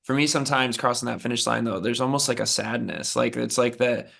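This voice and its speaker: A man co-hosting a casual podcast, asking relaxed questions with joking asides. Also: mid-range voice, brisk, creaky. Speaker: podcast co-host.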